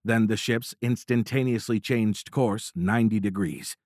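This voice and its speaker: A man narrating a military thriller audiobook in a measured, dramatic reading, recorded close. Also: on the low side, a little mellow, no room sound. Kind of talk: scripted narration. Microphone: close studio mic.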